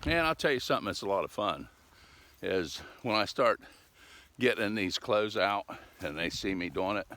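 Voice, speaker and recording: Chatting to his outdoor camera in cold weather, an older man vlogs in a folksy, meandering way. He sounds lowish, bright, and forceful, speaking animatedly at a normal speed, and there's no echo.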